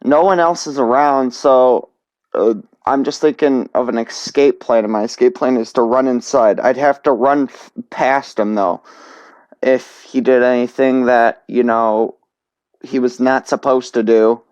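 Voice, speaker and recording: A young man casually narrating a storytime, halting with many fillers and restarts. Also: mid-range voice, steady tone, a little mellow, clean tone, no echo. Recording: dull dry lo-fi recording.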